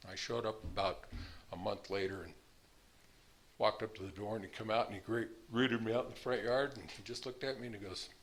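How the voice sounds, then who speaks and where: Speaking fairly quickly in a steady, lowish voice, a man in his sixties recounts his own recovery story. He's plain-spoken and blunt, occasionally laughing at who he used to be.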